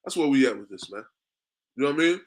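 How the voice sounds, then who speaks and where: A man preaching on scripture, tagging lines with "man" and slowing to a drawn-out cadence when he reads verses. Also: mid-range voice, lively intonation, slight background noise. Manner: conversational, repeats "man" and "you know what I mean". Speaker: street preacher. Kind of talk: street-corner preaching with scripture reading.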